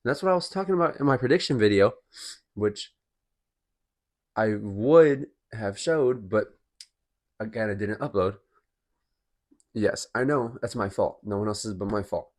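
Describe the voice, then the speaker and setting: Young guy, hoarse voice after being sick, lowish tone, chatty fight breakdown vlog. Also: unhurried, pauses often, a little mellow. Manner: chatty, rambling, lots of restarts. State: hoarse, recovering from illness. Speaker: MMA commentary vlogger.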